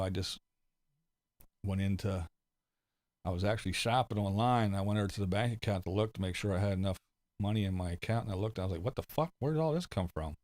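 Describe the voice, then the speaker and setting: A man's voice: fairly low pitch, darkish tone, dry recording. A middle-aged man from the United States, hosting a casual livestream chat, rambling and often laughing and swearing. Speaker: livestream host reading chat.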